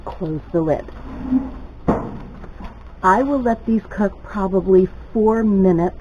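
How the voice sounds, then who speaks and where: An older woman talks at an unhurried pace while frying food in her home kitchen. She tells stories in a chatty way, laughs often and gets excited as she goes. A faint hum of room ambience sits behind her voice. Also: medium pitch, highs cut off. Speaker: cooking vlogger. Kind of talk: casual storytelling while cooking.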